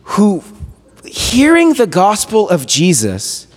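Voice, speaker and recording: Male guest preacher, casual storytelling sermon, raised pitch, long hall echo. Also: slow pace. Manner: conversational, animated retelling with casual fillers. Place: church hall. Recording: echoey hall reverb.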